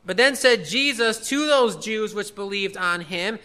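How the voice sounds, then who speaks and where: A man's voice: high voice, animated, unhurried, hardly any pauses, pushed and bright. A man preaching an expository sermon to his congregation, earnest and emphatic, repeating key phrases. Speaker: pastor.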